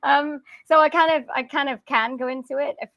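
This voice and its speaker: A woman's voice: sits high, steady tone, fairly quick, creaky, bright, forceful tone, no room sound, muffled recording. A woman from South Wales with a general British accent, a singer and voice-over artist chatting modestly and hesitantly in an interview, laughing often. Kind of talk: casual interview chat.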